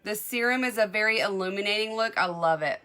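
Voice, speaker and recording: A woman's voice: medium pitch, fairly quick, sharp tone, clean tone, faint music behind. A woman selling beauty products in a live makeup demo, chatty and gushing, answering viewer comments as she goes.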